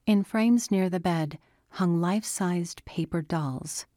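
A woman reads a story aloud in a calm, measured way. Her voice sits low, and the sound is dry and close to the mic, with no room around it. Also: no echo. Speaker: narrator. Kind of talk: scripted audiobook narration.

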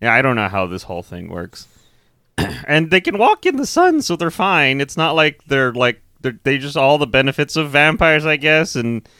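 A man's voice: fairly high pitch, moderate pace, clean tone, dry recording, clean studio sound. A man co-hosting a casual movie review podcast, laughing and swearing as he retells scenes. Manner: laughing, profane, animated storytelling. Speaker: podcast co-host.

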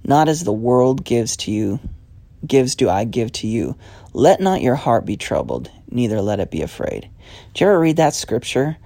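A man's voice: mid-range voice, big pitch swings, creaky, warm tone, dry recording. A man hosting his own podcast, giving a casual devotional talk in an earnest, conversational way. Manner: earnest, conversational, with quick runs of questions. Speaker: podcast host.

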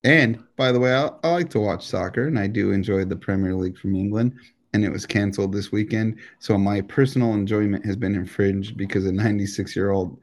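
A lower-voiced American man co-hosts a casual podcast. He rants with animated energy, swears freely and keeps restarting his sentences as he talks. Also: fairly quick. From United States. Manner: animated, profane ranting with frequent restarts. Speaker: podcast co-host.

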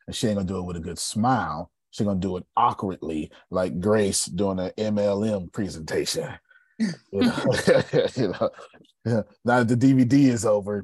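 Animated man coaching a room, husky voice. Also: on the low side, dry recording. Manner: animated, joking, asks the room for agreement. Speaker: sales coach. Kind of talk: casual seminar talk to a group.

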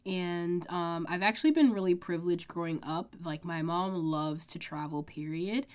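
A woman's voice: fairly low pitch, moderate pace, a little mellow. A young woman from the United States hosting her own podcast, talking casually and full of fillers while sick and congested, recorded at home. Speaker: podcast host. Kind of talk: casual solo podcast chat. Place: home room with makeshift sound panels.

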